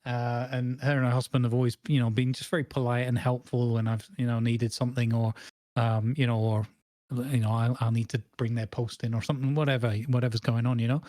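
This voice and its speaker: Casual male co-host, animated rambling anecdote, dry recording. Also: mid-range voice, brisk, no room sound. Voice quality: rambling, animated storytelling with many restarts. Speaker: podcast co-host. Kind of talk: casual chat.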